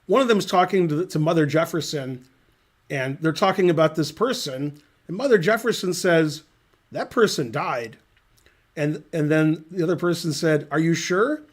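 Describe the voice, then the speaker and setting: Middle-aged male chess commentator, slightly high voice, dry and digressive, casual rambling delivery. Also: moderate pace.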